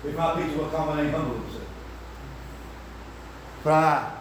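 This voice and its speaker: An older man preaching a sermon, swinging from shouting to hushed storytelling. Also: a little high, a little slow, noisy background. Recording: echoey room, distant mic.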